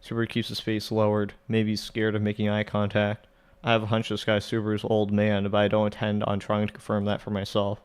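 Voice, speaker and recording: A let's play narrator casually reads and translates a visual novel aloud, tossing in swearing asides between the lines. His lowish voice is smooth and monotone, and a little fast.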